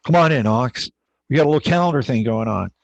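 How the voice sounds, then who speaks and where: A man's voice: mid-range voice, animated, fast talker, vocal fry, no room sound. A man voicing a sly, scheming little male rat who mutters plans to himself, on a dull, dry recording.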